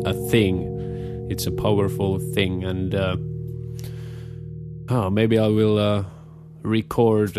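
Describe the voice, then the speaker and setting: Young Scandinavian-accented man, low voice, very slow hesitant delivery, guitar music underneath. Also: vocal fry. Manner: hesitant, many filler pauses. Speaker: show host. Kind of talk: casual rambling monologue.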